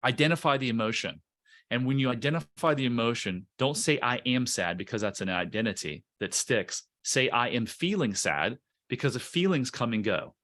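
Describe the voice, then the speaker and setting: A man's voice: mid-range voice, a little fast, fairly bright tone. A man on a podcast interview, explaining emotional self-help in an earnest, coaching way, often restarting words. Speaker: guest, coach.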